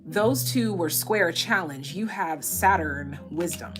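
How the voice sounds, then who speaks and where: Woman, tarot reader on a casual live stream, low-ish voice, loose and jokey, music playing underneath. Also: animated, slow. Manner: chatty, rambling, swears freely and laughs at own jokes.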